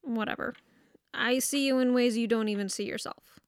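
A woman's voice: fairly high pitch, fairly even intonation, normal speed, dry recording, studio quality, lightly acted. A woman in an audio drama, playing a blunt, commanding woman who sets the rules. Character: bossy woman who can't do accents.

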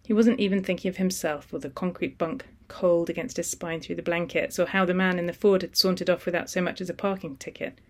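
A narrator reading a novel aloud in a measured, steady storytelling manner. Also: mid-range voice. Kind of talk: audiobook narration.

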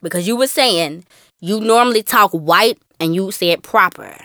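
A woman co-hosting a casual podcast, talking with animated ups and downs and mimicking other people. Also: mid-range voice, moderate pace, no echo, studio quality. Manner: animated, mimics voices with laughs. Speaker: podcast co-host.

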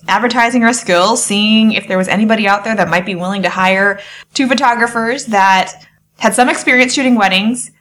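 A young woman guest on a podcast, chatting and telling her story in an animated way, acting out past conversations. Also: mid-range voice. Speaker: podcast guest, wedding photographer. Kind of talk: casual interview chat.

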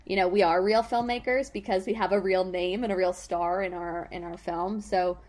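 A woman's voice: on the low side, steady tone, normal speed, a little mellow. A woman filmmaker talking in a casual interview, upbeat and grateful.

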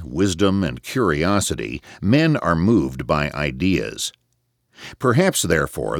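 A man reading a novel aloud as audiobook narrator, measured and reflective, close to a studio mic. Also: deep voice, no room sound.

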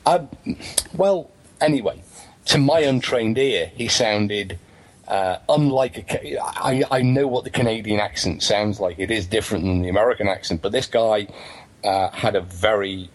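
A man from England co-hosts a casual talk show, explaining things hesitantly with lots of ums. His voice is on the low side, his pace moderate, and the recording low quality.

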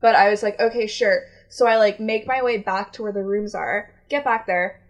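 A young woman casually telling a long story on a chat podcast, animated and acting out the people she met. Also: medium pitch, normal speed, lo-fi sound.

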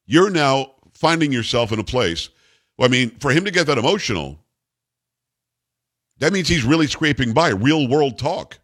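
A man's voice: medium pitch, fairly bright tone. A man hosting a talk radio call-in show and commenting with emphatic indignation.

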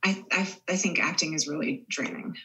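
A woman's voice: deep voice, fairly quick, sharp tone, low-quality recording. A woman in her forties, an actress guest on a podcast, talking casually with many fillers and restarts.

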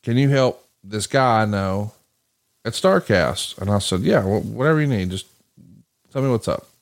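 A man's voice: lowish voice, moderate pace, vocal fry. A man hosting a podcast, telling a story in casual chat with plenty of swearing and acted-out quotes. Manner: profane, animated storyteller acting out quoted voices. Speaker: podcast host.

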